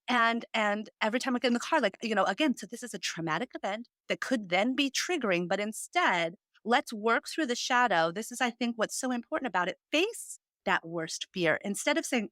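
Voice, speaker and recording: A woman in her thirties hosts a podcast, speaking in an earnest, heartfelt way and filling her sentences with "you know" and "um." Her voice sits at a medium pitch. The recording is close and dry, with almost no room sound. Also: animated, brisk, few pauses, a bit bright, no room sound. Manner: earnest, heartfelt storytelling with many fillers. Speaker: podcast host. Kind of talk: casual chat.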